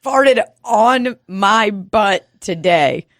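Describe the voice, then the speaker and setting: A woman co-hosts a podcast, chatting casually and laughing often in a medium-pitched, expressive, fairly bright voice with drawn-out words. The recording is dry and of studio quality.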